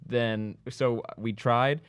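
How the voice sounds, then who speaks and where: A man's voice: mid-range voice, steady tone, extremely slow, clear, resonant tone, dry recording, clean studio sound. A young man co-hosting a podcast, telling a story in casual chat in a hesitant way, with lots of "uh" and "like". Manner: hesitant, filler-heavy. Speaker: podcast co-host.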